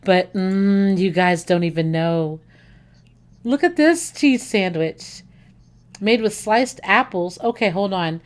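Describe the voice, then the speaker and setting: At a slow pace and in a mid-range voice, an American woman hosts a livestream and chats casually with viewers. She gushes enthusiastically about food, rambling along with fillers and self-corrections.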